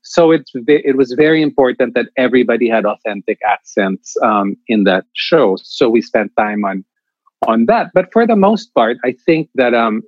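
Animated man on a dull, dry recording. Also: mid-range voice, moderate pace, dry recording. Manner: emphatic, animated, many restarts. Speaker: theatre director and acting mentor. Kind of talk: candid interview answers.

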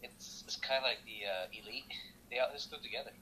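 Man, co-host, blunt and opinionated, bright voice, faint background noise. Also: mid-range voice, fast talker, poor audio. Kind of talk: casual wrestling chat.

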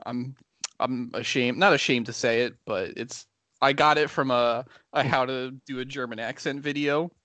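A man's voice: medium pitch, fairly even intonation, normal speed, fairly bright tone, no room sound. A man co-hosting a podcast, rambling and joking casually with his friends. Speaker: podcast co-host. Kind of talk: casual chat.

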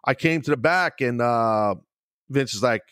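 A middle-aged man hosting a podcast, telling wrestling stories in a loose, profane, animated way, laughing often. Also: mid-range voice, measured pace, clear, resonant tone. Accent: New York. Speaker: podcast host, former wrestler. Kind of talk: casual storytelling chat.

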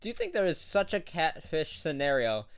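A man's voice: fairly high pitch, sing-song, moderate pace, clear, resonant tone. A young man co-hosting a comedy podcast, chatting casually and rambling through jokes with silly acted-out voices. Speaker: podcast co-host.

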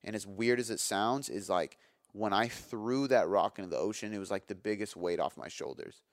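A man in his thirties with a low voice, hosting his own podcast. He tells a candid personal story with energy and emphasis, swearing now and then. The sound is dry and close, with no room around it. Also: moderate pace, dry recording. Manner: energetic, emphatic, frequent fillers and profanity. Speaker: podcast host.

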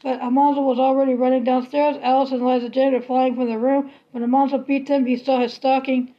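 A woman reading a children's novel aloud in a steady, unhurried storybook manner. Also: sits high, lo-fi sound. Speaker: reader.

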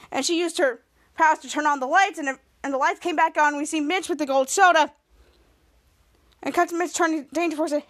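A woman hosts a podcast and recaps an episode in casual talk. She rambles and restarts her sentences often. Her voice sits very high. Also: fairly even intonation, a little fast, a bit bright. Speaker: podcast host.

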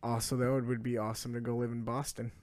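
A young man from Texas talks in loose, joking chat, drifting off with plenty of ums. His voice sits at a middle pitch. It is recorded close and dry, with no room sound. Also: level tone, quick pace, a little mellow, no room sound. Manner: joking, loose, trails off with fillers. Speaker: co-host. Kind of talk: casual chat.

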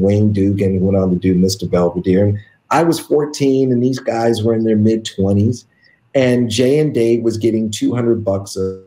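A man from the United States telling stories as an interview guest, animated and acting out the quotes. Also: on the low side. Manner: animated storyteller who acts out quotes. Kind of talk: casual anecdote telling. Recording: roomy echo.

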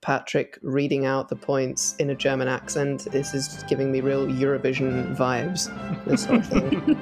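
A woman's voice: extremely low pitch, monotone, normal speed. Chatty self-deprecating woman, faint music. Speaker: guest. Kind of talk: casual podcast chat.

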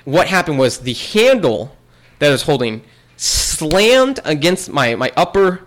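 A man's voice: a little high, very animated, a little slow, a bit bright. A young man in casual chat, telling a long story with many restarts and bursts of laughter.

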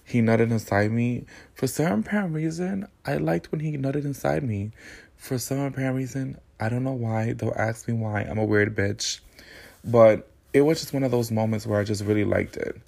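A man hosts a podcast in a casual storytelling monologue, candid and full of sassy slang. His voice sits fairly low with a gravelly, fry-laden edge. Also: normal speed, a little mellow. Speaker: podcast host.

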